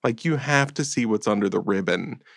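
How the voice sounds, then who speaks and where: A man's voice: on the low side, lively intonation, gravelly, fairly bright tone, no room sound, clean studio sound. A man co-hosting a podcast, reviewing films in casual chat with a blunt, exasperated manner. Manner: blunt, exasperated, quick asides. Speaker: podcast co-host.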